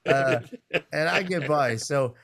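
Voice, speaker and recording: A man hosts a podcast over a video call, chatting away in a relaxed, self-deprecating manner. His voice sits a bit high for a man. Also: slow, gravelly. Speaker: podcast host. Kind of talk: casual podcast chat.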